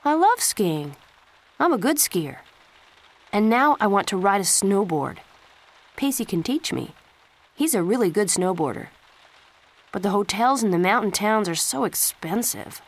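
A woman's voice: medium pitch, very animated, a little slow, long pauses. A woman reading the lines of an eager, cheerful teenage boy in a storybook.

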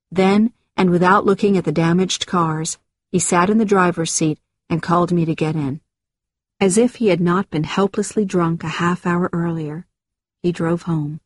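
Woman, memoir narration, low voice, measured, dry close recording. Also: no room sound.

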